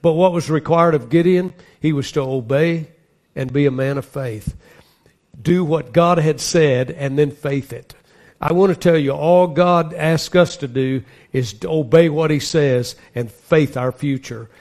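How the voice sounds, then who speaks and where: A pastor delivers a sermon in an earnest, emphatic way, leaning into scripture as he reads it aloud. His voice sits somewhat high for a man. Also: measured pace, a little mellow.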